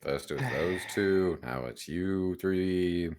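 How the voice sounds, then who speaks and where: A man's voice: low-pitched, slow, darkish tone. A man player in a tabletop game, with a dry, wry manner.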